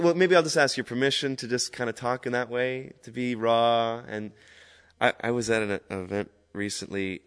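A man giving an informal guest sermon as a Salvation Army minister, talking casually and rambling at first, then building to loud, fervent emphasis. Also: fairly low pitch, big-room sound.

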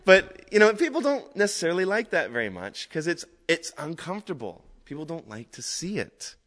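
A man's voice: a little high, very animated, fairly quick, fairly bright tone. Male preacher, conversational storytelling style, recorded in a reverberant hall. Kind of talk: sermon. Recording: echoey hall.

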